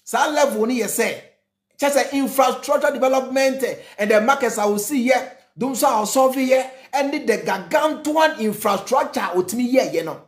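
Ghanaian accent, political rant, repetitive and mocking, mid-pitched voice, echoey room. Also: normal speed. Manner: repetitive, rhetorical, mocking, switching between Twi and English. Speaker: political commentator. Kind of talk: impassioned political commentary. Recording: roomy echo.

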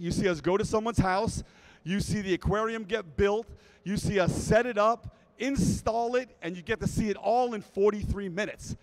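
A man giving a lively talk at a fish convention, telling anecdotes and addressing the crowd directly. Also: sits high, low-quality recording. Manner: animated storyteller who acts out quotes. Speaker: guest speaker at a fish convention.

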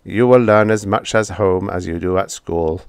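A man voicing a calm robot guardian in a storybook reading, speaking slowly, gently and evenly. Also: sits low, vocal fry, smooth, no room sound, studio quality. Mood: gentle. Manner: slow, gentle and even.

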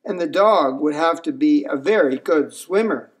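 A man's voice: fairly high pitch, moderate pace, pitched below the performer's own voice, lightly acted. A man voicing a skeptical male frog who mocks and argues. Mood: arguing. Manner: mocking and incredulous.

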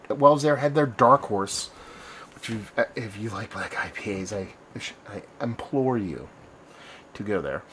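A man of ordinary pitch chats his way through a beer review on camera. He rambles, restarts his sentences and fixes his words as he talks. A faint hum of room noise sits behind him. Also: fairly bright tone. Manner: rambling, conversational, self-correcting. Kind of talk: casual video review.

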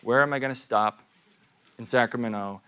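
A man's voice: medium pitch, normal speed, fairly bright tone, smooth. A man in his thirties, a pastor giving a sermon in a church, telling a story and asking questions in a conversational way.

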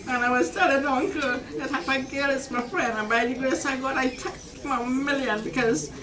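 A woman who speaks with emotional gratitude in slow, fervent phrases. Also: high voice. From Trinidad. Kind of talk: casual testimony. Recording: echoey, distant, noisy.

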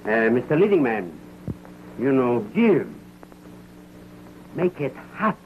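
An actor playing a fawning, nervous middle-aged film producer who wheedles and flatters. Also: male voice, medium pitch, slow pace. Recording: dull 1929 film soundtrack, faint hiss.

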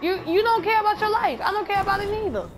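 A woman's voice: extremely high pitch, lively intonation, fast, over music. A woman streamer commenting on her gameplay in a casual, profane, trash-talking way. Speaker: gamer streamer.

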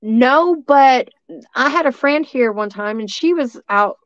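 A woman's voice: sits high, animated, a little slow, no room sound, muffled recording. A woman from East Tennessee, telling a story as a guest in a rambling way, full of restarts and fillers. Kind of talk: casual storytelling.

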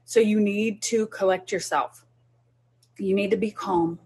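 A woman's voice: medium pitch, fairly even intonation, measured pace, darkish tone, slightly rough. A woman who is a child development specialist, talking parents through a group session in an earnest, instructive way.

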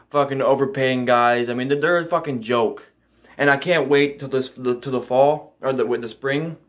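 A young man ranting angrily about his football team in a heated, profane, repetitive way. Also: mid-range voice. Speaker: sports fan vlogger. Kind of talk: angry sports rant.

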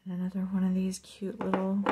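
A woman chatting softly as she unboxes a purchase, cooing and slipping into gentle whispers. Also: medium pitch, monotone, background noise. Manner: slow, soft-spoken, drifting into gentle whispers and coos. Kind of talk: casual unboxing chat.

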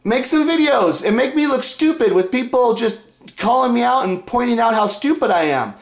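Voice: medium pitch, animated, normal speed, roomy sound. A vlogger talking in a rambling, repetitive and insistent way, restarting sentences often. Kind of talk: casual rambling monologue to camera.

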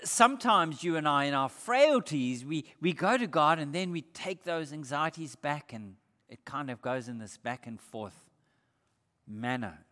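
Here an Australian pastor preaches in a church sanctuary, earnest and emphatic, questioning the congregation rhetorically. His voice sits on the high side, bright and forceful, animated yet unhurried. The recording carries a long hall reverb.

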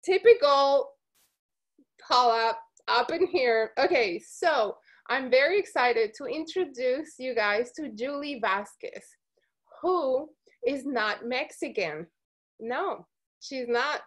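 A woman with a high voice hosts a team call over video. She talks in a bubbly, chatty way, laughing often and wandering into little stories. Her voice comes through a video call connection. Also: animated, takes it slowly. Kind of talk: casual video call chat.

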